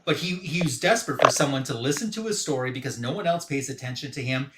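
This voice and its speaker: A man's voice: medium pitch, fast talker, echoey room, very noisy. A man hosting a live show, casually retelling a comic story in a rambling way full of fillers. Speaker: podcast host.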